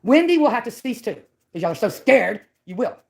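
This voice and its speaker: A woman's voice: fairly high pitch, big pitch swings, a little fast, vocal fry, darkish tone. A woman from Mississippi, ranting on her own channel in a combative, mocking way. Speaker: channel owner. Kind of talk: ranting call-out vlog.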